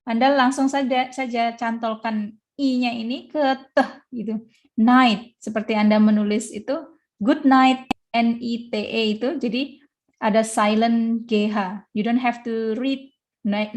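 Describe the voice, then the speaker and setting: A woman lecturer with an Indonesian accent teaching an online class over a video call. Her voice sits a little high. She mixes English with Indonesian and fills her pauses with "uh" and "eh". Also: darkish tone. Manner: switches between English and Indonesian, many filler sounds.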